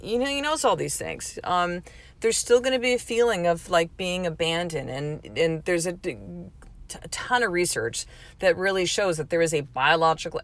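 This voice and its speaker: A woman's voice: fairly low pitch, fairly bright tone. A woman in her thirties hosting a podcast, talking candidly in a rambling, casual monologue, full of fillers and acted-out quotes. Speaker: podcast host.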